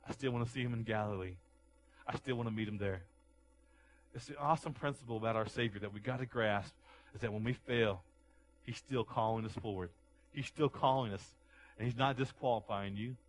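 A man preaching a sermon as a pastor, moving between quiet, low passages and loud, raised delivery, often repeating words as he goes. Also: fairly quick, poor audio. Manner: repeats words and restarts phrases while preaching.

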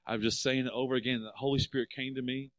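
A middle-aged man preaching a sermon as pastor, emphatic, swelling louder on key phrases and dropping low for personal stories. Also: steady tone, fast, no echo.

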